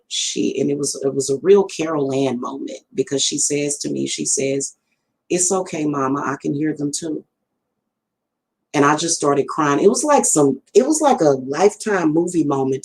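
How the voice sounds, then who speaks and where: On a rough recording, a very deep, darkish female voice belongs to a middle-aged spiritual reader hosting her channel. Her livestream talk is casual and rambling, spoken straight to her viewers.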